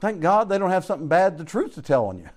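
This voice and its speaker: Older preacher-teacher, somewhat high voice. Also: male voice, sing-song, quick pace. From Central Florida, US. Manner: rhetorical questions, folksy storytelling, chuckles often. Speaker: Bible teacher. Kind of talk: preaching-style class lecture.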